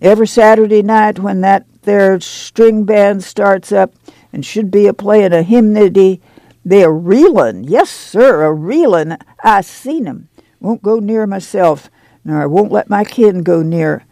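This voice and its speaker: A man's voice: high voice, unhurried, vocal fry, warm tone, no echo, voice pushed up. A man voicing a stocky, fiercely pious camp woman who scolds in a rural dialect for an audiobook. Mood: fervent. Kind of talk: audiobook reading.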